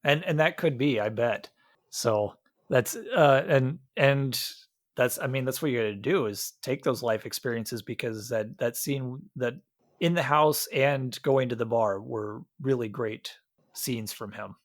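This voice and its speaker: A man's voice: medium pitch, measured pace, no room sound, studio quality. A young man co-hosting a podcast, chatting casually about a film with frequent restarts and acted-out quotes. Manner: rambling, many restarts, acts out quotes. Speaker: podcast co-host.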